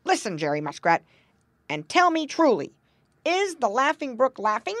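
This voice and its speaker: A woman's voice: a little high, big pitch swings, a little slow, a little mellow, dry recording, voice pushed up. A woman voicing a very old, wise male frog. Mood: urgent. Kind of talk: storybook reading.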